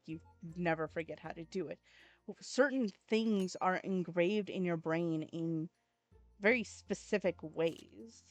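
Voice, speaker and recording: A woman's voice: medium pitch, dry recording. A woman hosting a gaming channel, rambling casually over gameplay and swearing now and then.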